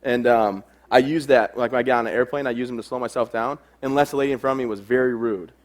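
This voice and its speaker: A man's voice: mid-range voice, steady tone, fast. A young adult man giving a humorous stage talk to a live audience, telling self-deprecating stories. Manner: joking, self-deprecating storyteller. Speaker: keynote speaker.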